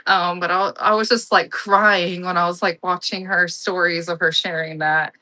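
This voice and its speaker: Chatty woman host for a live online sale, bright and gushing, telling rambling stories between lots. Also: lowish voice, level tone, normal speed. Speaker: live online auction seller. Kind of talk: casual live-selling chat.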